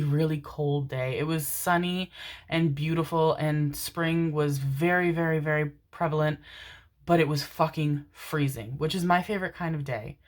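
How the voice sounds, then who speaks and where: A woman tarot reader telling a casual, rambling story, repeating words and swearing offhandedly. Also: low-pitched.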